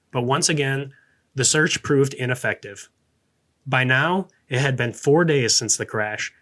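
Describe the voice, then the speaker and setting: A man of ordinary middle pitch hosting a podcast and reading a true-story script. He trips over names and words, restarts his sentences and mutters quick asides to himself. Now and then he drops the script for a casual, chatty aside. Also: fairly bright tone. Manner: breaks off into casual off-script commentary. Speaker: podcast host.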